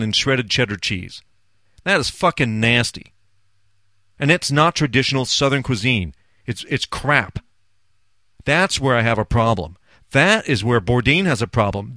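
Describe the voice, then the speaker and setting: A man's voice: mid-range voice, pushed and bright, no room sound. Man, podcast host, blunt, profane, sarcastic, dry close sound. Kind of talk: casual ranting commentary.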